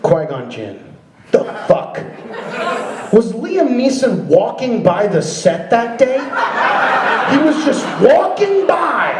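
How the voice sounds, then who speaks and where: A male stand-up comedian doing an animated set in a live club, laughing often and slipping into silly voices. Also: very high-pitched, slow pace, pauses often, far from the mic, noisy background. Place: comedy club basement with audience. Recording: roomy live room with crowd.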